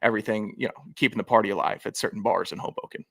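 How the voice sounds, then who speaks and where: A man's voice: fairly low pitch, fairly even intonation, rapid-fire, creaky, a bit bright. A young adult man co-hosting a casual sports podcast, joking and rambling with restarts. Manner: rambling, joking, self-correcting. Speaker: podcast co-host. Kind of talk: casual chat.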